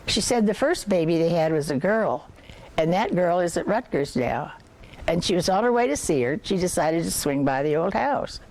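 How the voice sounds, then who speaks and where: An older woman reading a novel aloud to listeners, measured, with occasional slips and restarts. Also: on the low side, a little mellow. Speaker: reader.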